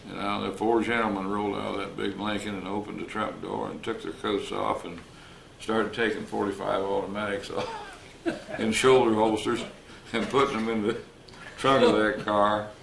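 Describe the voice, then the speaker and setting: An older retired wildlife officer telling folksy stories in an interview, acting out the voices of the people in them. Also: male voice, lowish voice, little pitch movement, moderate pace, creaky, few pauses, a bit bright. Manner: folksy, anecdotal, acts out quoted dialogue. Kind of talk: storytelling interview. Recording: roomy recording with faint noise.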